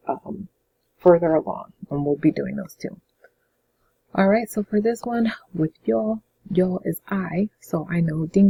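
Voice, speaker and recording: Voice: medium pitch, vocal fry, breathy edge, phone-quality sound. A Spanish teacher explaining a lesson step by step in a patient, repetitive way, often checking in with "okay?". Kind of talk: classroom-style lesson explanation.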